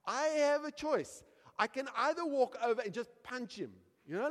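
A man's voice: very high voice, moderate pace. A man preaching a sermon as a pastor, telling stories with acted-out quotes and building emphasis. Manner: animated storytelling with acted quotes and rising emphasis. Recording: long hall reverb.

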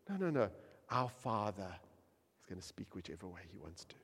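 A man preaching a sermon, swinging from hushed, quiet lines to loud, emphatic peaks. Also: fairly low pitch, sing-song, brisk, husky. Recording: long hall reverb.

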